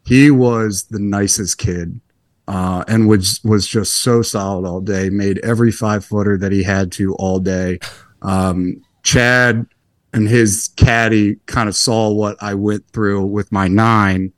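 Low-voiced young man, dry sound. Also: slow, no room sound. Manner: relaxed, rambling, self-deprecating. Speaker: guest golfer. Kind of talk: casual interview storytelling.

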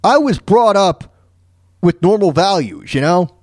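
Male host, ranting monologue, swooping lively delivery, dry close sound, keeps restarting sentences. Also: high-pitched, unhurried, dry recording. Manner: ranting, often stumbles and restarts mid-sentence. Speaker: talk show host. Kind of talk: opinionated monologue.

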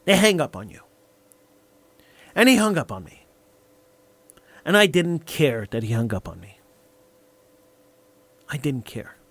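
A man's voice: a little high, very animated, measured pace, pauses often, fairly bright tone, no echo. A man hosting a radio talk show, telling a story in an impassioned monologue and repeating lines for emphasis into a studio microphone.

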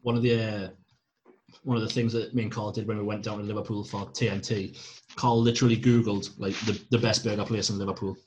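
A man's voice: fairly low pitch, level tone, quick pace, darkish tone, dull audio. A man chiming in on a casual podcast chat, telling a short anecdote. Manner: chatty, chimes in with short remarks. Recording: faint background noise.

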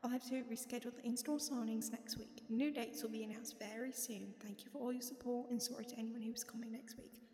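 A woman's voice: a little high, steady tone, quick pace, few pauses, dark tone, roomy sound, big-room sound, natural voice. A woman reading a young male pop singer's tweet aloud in a put-on, hammy British accent. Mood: mock-earnest. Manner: hammy, self-mocking. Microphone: phone.

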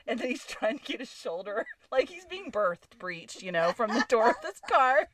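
A woman co-hosting a podcast who tells a story in a casual, animated way and often laughs mid-sentence. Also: fairly high pitch, moderate pace. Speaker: podcast co-host.

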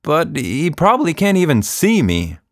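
A man's voice: a little high, huge pitch swings, moderate pace, dry recording, voice pushed up. A nervous young girl, played by a man, with a raised, thin voice. She hesitates and stalls over her words. The sound is dry and close. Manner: timid, unsure.

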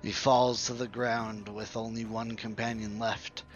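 A man's voice: lowish voice, flat delivery, unhurried, faint music behind. A man as game master, patiently explaining rules and narrating a tabletop game. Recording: dull lo-fi audio.

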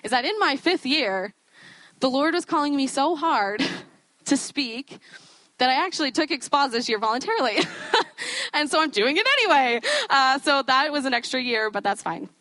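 A woman's voice: sits high, lively intonation, moderate pace, sharp tone, no echo. A young woman giving a sermon in a chatty, self-deprecating way, often breaking into laughter. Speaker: student preacher.

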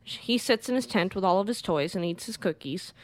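A woman co-hosting a podcast, retelling a movie in lively casual chat and acting out the characters. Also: mid-range voice, a little fast. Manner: animated retelling, acts out characters, swears freely. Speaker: podcast co-host. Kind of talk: casual film recap.

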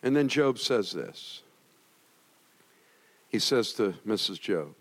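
A male pastor preaching a sermon, moving between loud exhortation and quiet, heavy passages. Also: fairly low pitch, animated, slow, pauses often, big-room sound. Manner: swings from loud exhortation to hushed grief.

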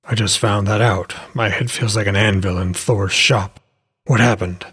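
A man doing a husky, groggy blind warrior in pain. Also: fairly low pitch, fairly even intonation, normal speed, a bit bright, big-room sound, pitched below the performer's own voice. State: in pain, dry-mouthed. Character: blind injured young man, wry and stubborn.

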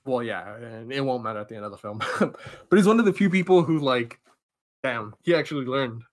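A man on a podcast, talking casually at a middle pitch. He retells a story in an excitable, rambling way, stumbling over restarts and fillers. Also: a little fast. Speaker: podcast host. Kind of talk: casual podcast chat, retelling a film plot.

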